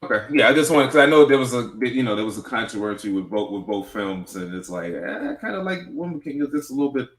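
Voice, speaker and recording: A man hosting a casual movie review chat, speaking in a relaxed, hedging way and often repeating his words. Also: mid-range voice, fast talker, hardly any pauses, roomy sound. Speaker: show host.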